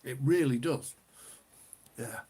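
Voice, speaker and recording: A northern English man hosts a relaxed livestream in an unhurried, drawn-out way. His voice is slightly husky. He chats with his viewers, reads their comments aloud and laughs often. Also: medium pitch. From northern England. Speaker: livestream host. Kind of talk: casual livestream chat.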